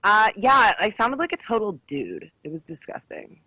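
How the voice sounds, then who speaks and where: A woman's voice: medium pitch, very animated, normal speed, sharp tone, breathy edge, no room sound, low-quality recording. A woman co-hosting a podcast in casual, jokey chat, slipping into silly voices. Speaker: podcast co-host.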